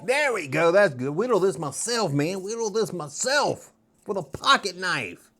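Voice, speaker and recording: A man's voice: high voice, very animated, measured pace, a bit bright. A middle-aged man hosting a casual show-and-tell vlog, rambling with jokes and nostalgic asides. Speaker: toy collector host.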